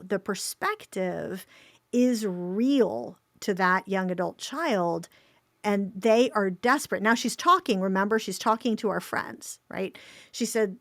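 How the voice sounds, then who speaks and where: Middle-aged female podcast co-host, earnest storyteller, mid-pitched, dry close sound. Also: takes it slowly, fairly bright tone, no echo. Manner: earnest, retells a friend's words with feeling. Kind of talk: conversational storytelling.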